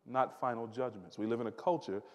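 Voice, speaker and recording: A man delivers a sermon in a chatty, conversational way, doubling up his words and putting questions to the audience. His voice sits at an ordinary pitch for a man. The long reverb of a large hall rings behind him. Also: fairly even intonation, fairly quick. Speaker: pastor.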